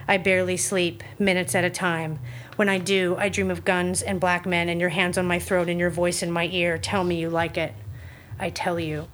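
A woman's voice: fairly low pitch, a little hiss or hum. Woman reading an intense personal letter. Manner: hesitant chat, then steady, intense reading. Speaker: live reading performer.

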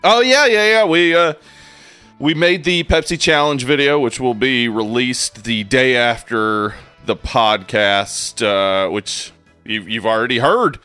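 A man's voice: medium pitch, a little slow, bright, forceful tone, smooth, no echo, faint music behind. A man co-hosting a podcast in casual, joking chat, laughing often and stumbling over restarts. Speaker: podcast co-host.

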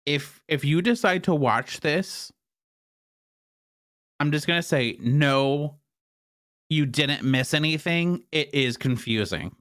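A man's voice: a little high, slow pace, pauses often, a bit bright, no echo, clean studio sound. A man hosting a casual podcast in an easygoing way, often repeating a word as he starts a thought. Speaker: podcast host.

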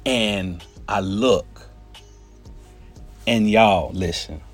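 A man telling a personal story in an animated, conversational way, often turning to his listeners with "right?" and "y'all". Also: fairly low pitch, drawn-out words, soft background music.

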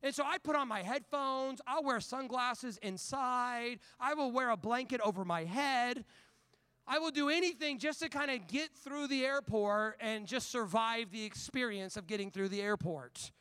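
A man preaching a sermon, telling a personal story in an animated, conversational way before turning to scripture. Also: extremely high pitch, moderate pace, clean tone, dry recording, studio quality. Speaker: pastor.

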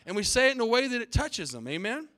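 A man with a high voice preaches to his congregation from the pulpit. He is emphatic and calls for responses from the listeners. He sounds middle-aged and speaks as their pastor. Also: very animated, quick pace, bright, forceful tone. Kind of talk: sermon. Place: church sanctuary.

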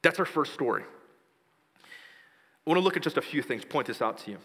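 Man, pastor, sermon, bright tone, long church reverb, hushed storytelling passages. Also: a little high, animated, moderate pace. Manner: storytelling preacher, retells scripture scenes in a hushed voice.

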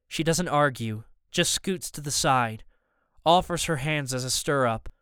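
A man's voice: a little high, unhurried, fairly bright tone, smooth, dry recording, studio quality. A man narrating a story in the first person with tense, urgent storytelling. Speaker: audiobook narrator.

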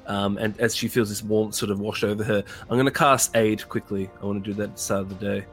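A man's voice: on the low side, steady tone, quick pace, breathy edge, soft background music. A man playing a tabletop game, describing his character's actions in a hesitant, casual way. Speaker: player.

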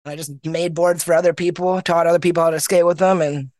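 Young Canadian man, high voice, dry close sound; guest who tells animated, acted-out anecdotes. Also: fast, no echo. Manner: animated storyteller, acts out quoted people. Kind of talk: casual interview chat.

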